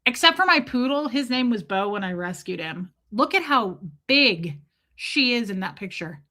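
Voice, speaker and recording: A woman's voice: on the high side, lively intonation, normal speed, sharp tone. A woman hosting a casual livestream, chatting, reading comments aloud and baby-talking to her dogs. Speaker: livestream host.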